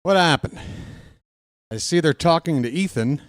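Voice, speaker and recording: A man's voice: a little high, expressive, moderate pace, no room sound, studio quality. A man hosting a casual live-stream watch-along, chatty and joking, reading chat aloud, out of breath.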